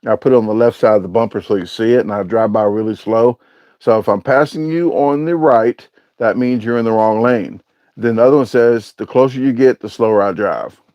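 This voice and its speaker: Here a man with a fairly low voice talks rather quickly on a laid-back livestream. He reads out comments from viewers and responds haltingly, wandering off track with plenty of filler noises, and the audio is dull with no room sound.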